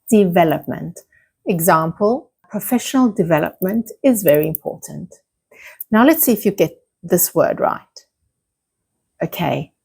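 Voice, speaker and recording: A woman's voice: lowish voice, breathy edge. A woman with an Italian accent teaching an online English pronunciation lesson, carefully repeating each word for practice. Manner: slow, deliberate, repeats words for practice.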